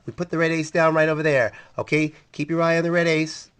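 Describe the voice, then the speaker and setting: A man acting out a slick male street hustler working a card game. He talks in a smooth, coaxing patter to keep a mark playing. The voice sits a bit high. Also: little pitch movement, fast, a bit bright, close to an everyday voice.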